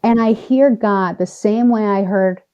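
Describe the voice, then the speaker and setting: A woman, a podcast guest, tells a personal story in animated, emphatic conversation and slows down or speeds up for effect. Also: mid-range voice, clean tone, dull audio.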